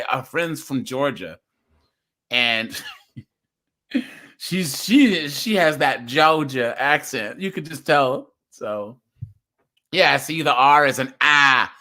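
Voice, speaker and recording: Bright, animated man chatting casually. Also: medium pitch. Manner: animated, laughing, rambling. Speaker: host. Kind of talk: casual reaction chat.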